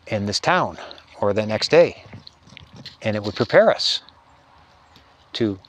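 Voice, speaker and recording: Speaking in a fairly low pitch, a middle-aged man who works as a spiritual teacher wanders through a story in a halting manner. He keeps restarting and letting his phrases trail away.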